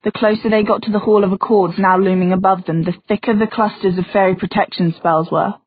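A woman reading fantasy fiction aloud as an audiobook narrator, in a steady, even storytelling manner. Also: mid-range voice, fairly quick, slightly rough, dry recording. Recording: dry, phone-like narrow sound.

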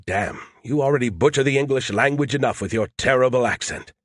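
A man's voice: medium pitch, a little fast, fairly bright tone, no room sound, clean studio sound, natural voice. A man voicing a smug, mocking alien AI. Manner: condescending, mocking. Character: arrogant snarky male alien AI.

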